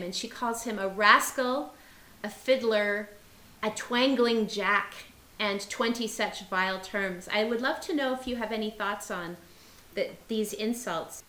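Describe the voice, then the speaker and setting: A woman's voice: mid-range voice, pushed and bright. A woman co-hosting a scholarly discussion, eager and playful. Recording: roomy echo.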